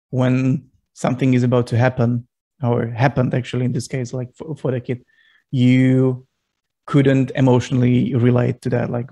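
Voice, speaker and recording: A man's voice: medium pitch, mellow. A man in casual podcast conversation with a mid-range voice. He talks with lots of "uh"s, restarts and repeated words as he feels his way through ideas. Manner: hesitant, many fillers and restarts. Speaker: podcast host.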